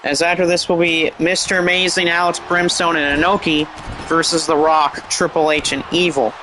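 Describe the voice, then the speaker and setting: A man giving excited, rambling play-by-play commentary over a wrestling game, with chatty asides. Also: a little high, moderate pace, slight background noise, rough recording.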